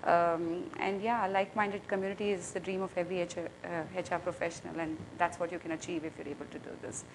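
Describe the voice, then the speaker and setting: A woman wraps up her conference talk. She speaks in a measured, earnest way, with frequent fillers. Her voice is fairly low for a woman, and a faint rumble sits behind her. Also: little pitch movement. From India. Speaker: conference panelist, CEO.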